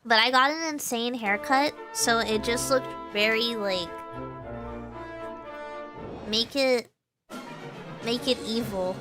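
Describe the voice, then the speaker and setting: A chatty woman streamer with a Texas accent, her voice sitting a bit high. She laughs often and answers chat while talking over clearly audible game music. Her nose sounds a little stuffy. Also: animated, slow, long pauses. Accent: Texan. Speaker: VTuber streamer. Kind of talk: casual live-stream chat.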